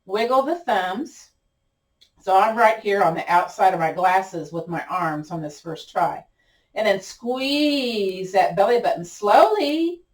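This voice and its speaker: A woman's voice: mid-range voice, expressive, takes it slowly. Lady yoga teacher talking a class through moves, keeps repeating squeeze and release, a bit of a crack in her voice, echoey room, mic kinda far. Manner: encouraging, chatty, repeats cues. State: voice cracking a little. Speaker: yoga instructor. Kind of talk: guided yoga class instruction.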